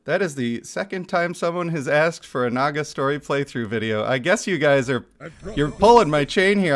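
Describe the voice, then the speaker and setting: Chatty, excitable male gaming streamer. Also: mid-range voice. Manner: chatty, excitable, laughs often. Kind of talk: casual game commentary. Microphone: desk microphone picking up chair rumble.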